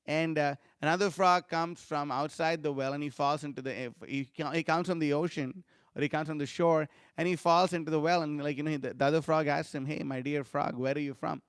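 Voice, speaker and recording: A man giving an informal scripture lecture, talking conversationally with frequent fillers and animated storytelling. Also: a little high, fairly quick, smooth, dry recording, clean studio sound. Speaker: scripture class speaker.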